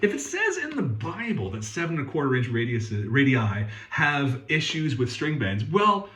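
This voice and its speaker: A man's voice: mid-range voice, wildly swooping pitch, normal speed, a bit bright, reverberant, a little hiss or hum. A man hosting a guitar workshop channel, talking in a casual, sweary, sarcastic and rambling way. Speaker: guitar technician and channel host. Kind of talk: casual ranting demo.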